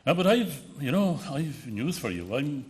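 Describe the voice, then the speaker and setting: Speaking at an award ceremony, a man from the west of Ireland with a Connemara accent gives an anecdotal tribute. His mid-range voice swings widely in pitch at a measured pace, and he often restarts and hesitates while telling his stories.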